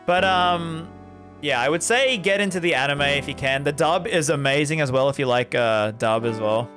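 A man's voice: on the high side, normal speed, a bit bright, soft background music. A man streaming a visual novel, chatting casually with his viewers, rambling and laughing often. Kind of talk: casual live-stream chat while playing a visual novel.

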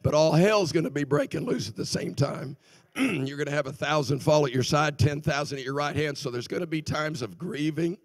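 Older man, guest preacher, church sermon, higher voice, gravelly, very animated, dry close sound. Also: brisk, no room sound. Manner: animated preaching, swings from loud exclamations to quiet asides, laughs between points. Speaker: guest minister. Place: church sanctuary.

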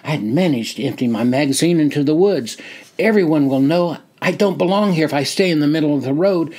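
An older man reading his own memoir aloud in a slow, deliberate storytelling manner. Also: on the high side, lively intonation, a little mellow. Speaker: memoir narrator. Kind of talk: reading a personal war memoir.

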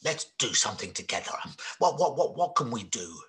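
A man voicing a friendly, easygoing male crocodile in a children's story, talking in a hesitant, halting way. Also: medium pitch, very animated, a bit bright. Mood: agreeable.

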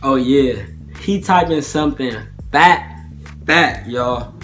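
A man's voice: medium pitch, slow pace, a bit bright, soft background music. A young man vlogging casually to camera about a prank on his best friend, talking in chatty slang and often checking in with "you feel me".

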